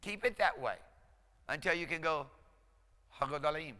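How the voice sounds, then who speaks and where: A male instructor lecturing a class, encouraging and conversational, drilling pronunciation slowly, syllable by syllable. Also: a little high, expressive, sharp tone. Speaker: Hebrew instructor. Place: lecture hall. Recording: lecture hall reverb.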